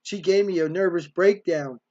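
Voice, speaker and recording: A man's voice: sits high, normal speed, a little mellow, highs cut off, natural voice. A man voicing a nervous older male priest who whimpers and pleads in fright. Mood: pleading.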